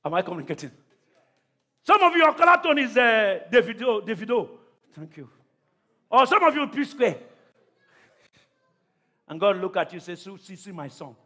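Man, pastor, preaching in church, call-and-response, lively swinging pitch, bright tone. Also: normal speed, pauses often. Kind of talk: sermon.

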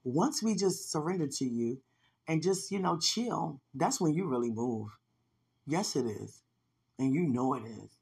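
A woman podcast host talks about her faith in a devotional personal talk, fervent and emotional and laughing often. Her voice is deep, a little mellow and slightly rough, with vocal fry, lively intonation and a measured pace.

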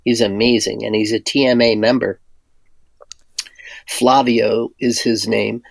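A man being interviewed who tells stories in a casual, animated way and acts out the dialogue he quotes. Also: fairly low pitch, measured pace, vocal fry, no echo. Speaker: guest, sorbent product entrepreneur.

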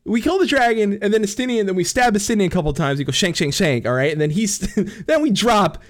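High, lively man in a profane comic rant. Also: fast talker. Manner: profane, laughing often, acts out characters. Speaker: storyteller recapping a game plot. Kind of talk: rambling comedic recap.

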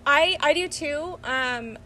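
A woman's voice: high-pitched, takes it slowly, bright, forceful tone. A woman co-hosting a podcast, chatting casually, laughing easily and trailing off with fillers. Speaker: podcast co-host. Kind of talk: casual chat.

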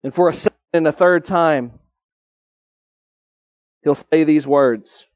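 A high-voiced man preaches a sermon with real conviction, his pitch climbing on the points he wants to land and his pace slowing sharply for emphasis. His tone is darkish, and the close, dry recording carries no room sound.

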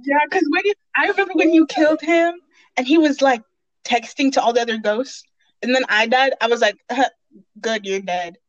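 A woman's voice: sits high, fairly quick, dull audio. A young woman in casual chat, telling game stories expressively and laughing often. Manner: lively, expressive storytelling with laughter.

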